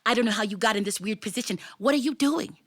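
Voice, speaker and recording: A woman voicing a tiny, clever mouse who sounds politely confused and halting. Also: a little high, a bit bright, pitched above the performer's own voice. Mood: puzzled.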